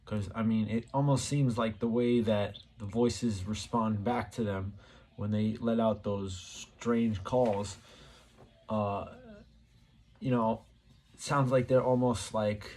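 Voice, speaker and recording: A man's voice: lowish voice, fairly even intonation, slow, pauses often, darkish tone. A man hosting his channel, talking casually to camera and rambling as he muses aloud, with plenty of fillers. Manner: rambling, musing, many fillers. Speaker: channel host.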